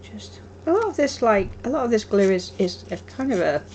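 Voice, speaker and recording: Young woman, craft streamer, lively sing-song rambling chat, self-deprecating. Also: mid-range voice, normal speed, a little hiss or hum. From Wolverhampton, England. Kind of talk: casual chat while crafting.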